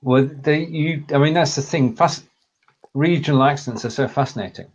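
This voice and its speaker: A man's voice: medium pitch, a little mellow. Northern English man with a mixed accent. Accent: mixed northern English, Lancashire and Cumbrian. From Lancashire and Cumbria, England. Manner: measured, explanatory, reads out viewer comments. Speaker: co-host, local historian. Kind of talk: casual chat on a live video show. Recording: slightly dull lo-fi sound.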